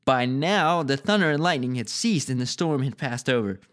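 A man's voice: medium pitch, lively intonation, moderate pace, a bit bright. A man reading a novel aloud, breaking off with amused, joking asides. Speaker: reader.

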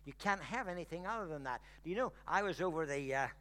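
An older man from Ireland, preaching a sermon, telling a personal story and building to loud exclamations. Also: a little high, animated, fast talker.

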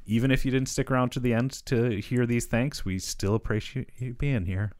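A man hosting a podcast in casual chat, easygoing and quick to laugh along with his co-host. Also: mid-range voice, steady tone, a little mellow, no room sound, clean studio sound.

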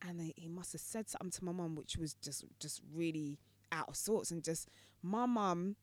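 Woman on a podcast, chatty and animated, acts out voices, dry close sound. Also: on the low side, normal speed, dry recording. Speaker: podcast co-host. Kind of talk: casual chat.

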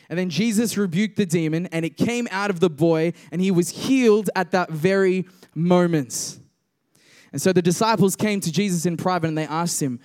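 Casting: young male preacher, high voice, chatty then emphatic, church congregation. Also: a little mellow. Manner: conversational, jokes with congregation, builds to emphatic slow declarations. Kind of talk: casual sermon with scripture reading.

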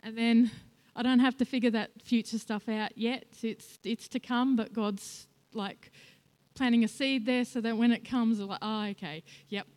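A middle-aged woman shares her testimony in a soft, fairly high voice. She speaks with emotion, pausing often and laughing lightly between thoughts. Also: fairly even intonation. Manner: emotional, soft-spoken with many fillers and laughs. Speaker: church member sharing testimony. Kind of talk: testimony talk.

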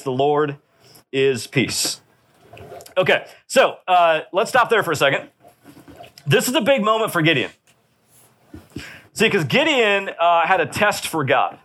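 A man's voice: fairly high pitch, animated, unhurried, long pauses, fairly bright tone. A man preaching a sermon in a conversational way, often checking in with his listeners. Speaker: pastor.

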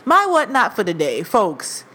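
A woman's voice: mid-range voice, a little slow, slightly rough. A woman co-hosting a casual podcast, telling travel stories and acting out the people in them. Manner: animated, acts out quoted voices. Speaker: podcast co-host. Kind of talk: casual chat, storytelling.

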